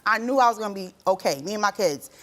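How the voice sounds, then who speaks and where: A woman in her thirties, a talk show guest telling her side of a family dispute in animated, colloquial speech. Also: medium pitch, quick pace, a crowd in the background. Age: 30s. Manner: animated, acts out quoted voices; colloquial, repeats herself. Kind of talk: emotional testimony.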